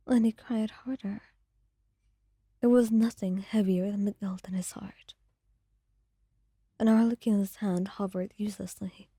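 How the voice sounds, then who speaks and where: Woman storyteller, hushed whispered role-play; warm and slow. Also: medium pitch, breathy edge, dry recording, clean studio sound. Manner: soft, hushed narration.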